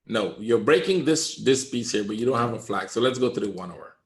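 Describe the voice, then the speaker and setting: A man's voice: medium pitch, lively intonation, a little fast. Male trading coach, lecturing bluntly on a webinar, echoey room sound. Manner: lecturing, blunt, repeats "right?".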